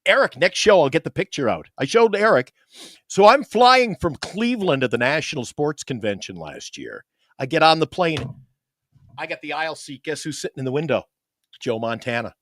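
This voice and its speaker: A man co-hosting a sports talk show, telling stories in a casual, excitable way. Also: a little high, normal speed, no echo, clean studio sound. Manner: animated storyteller, excitable.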